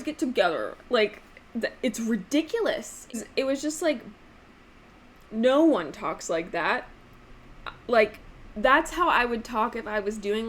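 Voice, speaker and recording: A woman hosting a casual book vlog, talking emphatically with lots of "like" fillers and sometimes showing off voices with sudden jumps in pitch. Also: fairly bright tone. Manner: chatty, emphatic, frequent "like" fillers. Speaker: book channel host.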